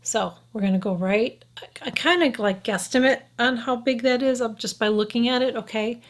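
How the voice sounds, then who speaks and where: A woman's voice: fairly high pitch, normal speed. A frank, chatty woman in her fifties walks viewers through a makeup tutorial. She talks while she works at her mirror and keeps asking "okay?" as she goes. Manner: talks while applying makeup, sometimes drops to a whisper. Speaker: beauty vlogger.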